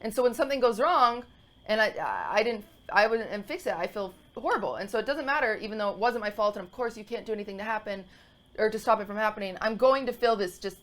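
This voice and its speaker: A woman's voice: medium pitch, lively intonation, fast, fairly bright tone. A woman in her twenties co-hosting a podcast, telling a long story in a rambling, emotional way full of fillers and restarts. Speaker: podcast co-host. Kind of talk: casual storytelling chat.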